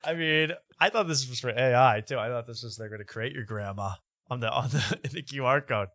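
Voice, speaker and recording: A man hosting a comedy talk show, riffing sarcastically on whatever comes up. His voice is bright and forceful, and the sound is dry and close with little room. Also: mid-range voice, fairly quick, no room sound. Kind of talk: casual comedic commentary.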